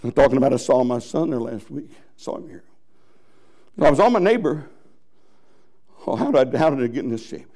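A man preaching a dramatic sermon as pastor, swinging from loud high bursts to hushed drops. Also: big pitch swings, fast, pauses often. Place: church.

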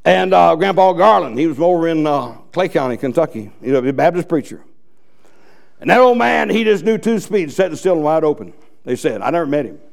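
A man's voice: fairly high pitch, big pitch swings, fairly quick, gravelly. A man preaching a fiery, folksy sermon with bursts of emphasis.

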